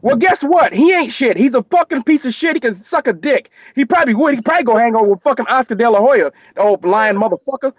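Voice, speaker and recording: American guy on a boxing stream cussing everyone out, real high voice. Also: animated, fast, hardly any pauses, no room sound. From United States. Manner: profane, angry, ranting. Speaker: co-host on a boxing show. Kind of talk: heated live-stream rant.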